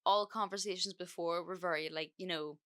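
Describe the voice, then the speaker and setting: A woman's voice: fairly low pitch, steady tone, fairly quick, fairly bright tone, clean tone. A young woman hosting a podcast, telling a breakup story in a casual, frank way that is full of swearing and fillers. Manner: chatty, frank, swears freely, many fillers. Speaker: podcast host.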